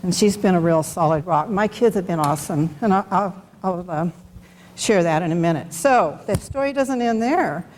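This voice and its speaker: A middle-aged woman with a fairly low, darkish voice and lively intonation speaks at a moderate pace, sharing a frank, unscripted testimony conversationally at a Bible study. The recording includes long hall reverb and faint background noise.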